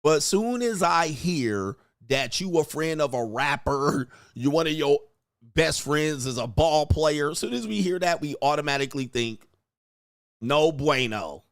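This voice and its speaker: A man's voice: a little high, lively intonation, normal speed, clear, resonant tone, dry recording. Male commentary host, crude and blunt, dry close sound. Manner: blunt, crude, repeats himself, mimics reactions. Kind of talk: commentary on video clips.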